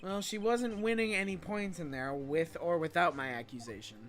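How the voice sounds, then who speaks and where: A man's voice: on the high side, moderate pace, a bit bright, faint music behind, natural voice. A man voicing an earnest young male defense lawyer in a fan game dub, reading plainly and sometimes half-laughing.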